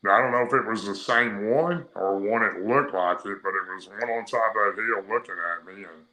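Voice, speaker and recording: Guy from rambling through his story, lotta uhs and ums, low bright voice. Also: normal speed. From Tennessee. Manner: rambling, plain-spoken storytelling with many fillers. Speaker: guest. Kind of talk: telling a personal story on a radio interview. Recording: echoey, roomy sound.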